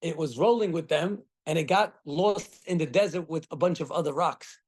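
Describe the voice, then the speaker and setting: A middle-aged man, a rabbi, giving a Torah class and telling the story with animated acted quotes. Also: fairly high pitch, moderate pace, husky.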